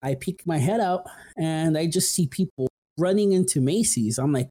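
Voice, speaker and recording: Young male podcast host, mellow tone, loose rambling storyteller with lots of filler words. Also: on the high side, lively intonation, moderate pace, hardly any pauses, husky. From San Fernando Valley, California. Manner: rambling, full of "like" and "um", restarts often. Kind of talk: casual storytelling.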